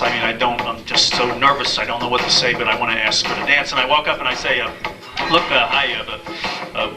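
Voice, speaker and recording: A man in his thirties doing a stand-up comedy set, telling dating stories deadpan and acting out the quotes. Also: mid-range voice, a little fast, distant mic, loud music behind the voice, low-quality recording. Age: 30s. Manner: deadpan storytelling with acted-out quotes. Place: small live comedy venue.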